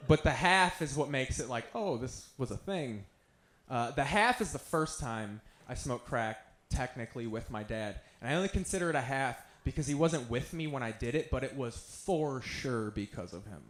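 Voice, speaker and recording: A man's voice: mid-range voice, animated, moderate pace, few pauses, a bit bright. Man telling stand-up stories in a roomy venue. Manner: self-mocking, offhand storytelling. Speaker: stand-up comedian. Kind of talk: stand-up storytelling.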